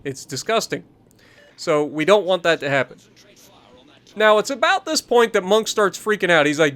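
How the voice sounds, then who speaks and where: As host of a gaming channel, a man commentates over a recorded naval game match in an explanatory, coaching manner, repeating key points. His high voice swings widely in pitch, runs at normal speed with long pauses, and sounds a bit bright.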